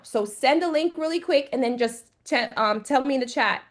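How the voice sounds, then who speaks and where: A woman's voice: on the high side, a little fast, few pauses. A woman from Jamaica teaching an online trading class over a video call, upbeat and encouraging, greeting attendees by name. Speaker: trading coach.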